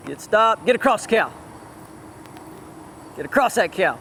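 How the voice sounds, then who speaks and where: A man's voice: sits high, lively intonation, unhurried, sharp tone, slight background noise. A man working as a cutting horse trainer, coaching a rider live in an outdoor arena and calling out short, repeated commands.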